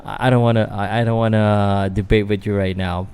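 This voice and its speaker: A man's voice: fairly low pitch, flat delivery, brisk, a little mellow, clean tone, soft background music. A Filipino man, a boxing vlogger doing casual live fight commentary, chatting loosely to viewers with fillers and restarts. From Philippines.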